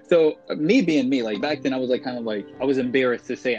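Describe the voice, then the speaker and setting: A man's voice: mid-range voice, expressive, quick pace, hardly any pauses, a little mellow. A man as a podcast guest in casual chat, a talkative storyteller who speaks properly with many fillers. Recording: dull lo-fi podcast audio with music.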